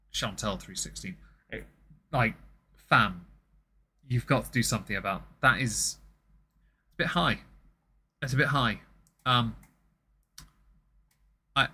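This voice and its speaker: A man hosts a live stream and fires off dry, sardonic remarks about the clips he plays. His voice is lowish and bright, with a faint hiss behind it. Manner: sardonic, wry asides. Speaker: stream host, commentator. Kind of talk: live commentary on video clips.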